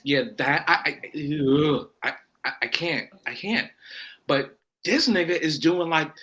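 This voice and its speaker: Man from florida, bright voice, rambling podcast story, lots of quoted asides. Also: a little high, animated, measured pace, low-quality recording. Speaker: indie pro wrestler guest. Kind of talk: casual podcast chat.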